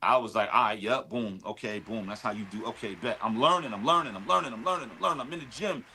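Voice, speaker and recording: A man's voice: lowish voice, fast talker, sharp tone, slight background noise. A man, a guest rapper talking in a casual interview, laid-back and talkative with lots of "you know what I mean.". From Brooklyn, New York. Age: 40s.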